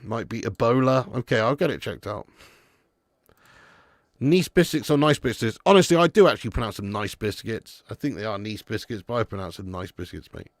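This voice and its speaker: A man's voice: medium pitch, animated, a little fast, dry recording, studio quality. A man hosting a live football watch-along from his garage, chatting casually with viewers, swearing freely and reading out the chat between bits of match commentary. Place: home garage used as storage room.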